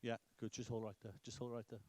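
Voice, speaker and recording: A man's voice: medium pitch, flat delivery, quick pace, darkish tone. A middle-aged man from Britain, a soccer coach calling out instructions during a drill demonstration. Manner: directive, instructive, calls out drills.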